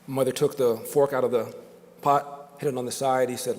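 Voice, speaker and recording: A man's voice: mid-range voice, fairly even intonation, fairly quick, darkish tone, slight background noise. Older man telling a dramatic story in a hall. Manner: dramatic, builds with emphatic repetition. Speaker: guest speaker. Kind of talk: storytelling speech. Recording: long reverb of a large hall.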